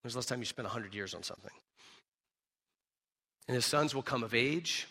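A man preaching a sermon, telling a scripture story with emphatic, animated delivery and rhetorical questions. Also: mid-range voice, fairly quick, in a large hall. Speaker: pastor.

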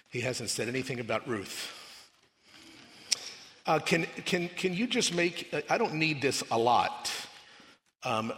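A man preaching a sermon as pastor in a church, talking casually to his congregation with some restarts. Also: a little hiss or hum. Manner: conversational, then reads scripture aloud louder and higher. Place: church sanctuary. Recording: long hall reverb.

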